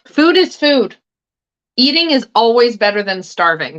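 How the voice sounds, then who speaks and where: A woman's voice: fairly high pitch, sing-song, measured pace, fairly bright tone, dull audio. A woman hosting a tarot livestream, chatting casually and swearing freely while she snacks between thoughts.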